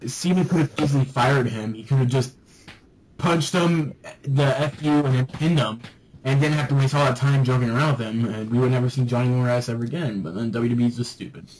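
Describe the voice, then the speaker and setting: A man's voice: medium pitch, a little fast, a little mellow, slight background noise, low-quality recording. A man hosting a casual wrestling review podcast, calling on each panelist in turn. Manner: leads the round, asks each panelist in turn. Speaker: podcast host.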